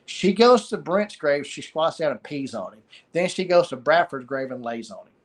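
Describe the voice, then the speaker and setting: A middle-aged man with a somewhat high voice tells a personal story of loss. He speaks haltingly, pausing often and starting phrases over. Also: expressive. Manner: halting, pauses and repeats words. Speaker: guest sharing a story of loss.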